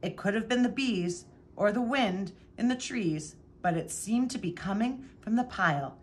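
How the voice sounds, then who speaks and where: A woman reading a children's picture book aloud in a lively, expressive way. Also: mid-range voice, normal speed. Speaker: storybook reader.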